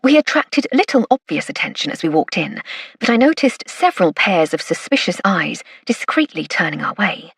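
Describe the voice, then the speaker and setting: A woman reads a first-person mystery aloud with wry, measured storytelling. Her voice is low and husky. The recording is close and dry, with no room sound. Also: sing-song, no echo. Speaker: audiobook narrator. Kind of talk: first-person scripted narration.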